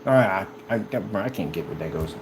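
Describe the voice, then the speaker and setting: A man's voice: sits low, expressive, normal speed, slight background noise. A businessman ranting at the camera, confrontational and mocking, repeating himself as he goes. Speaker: business owner.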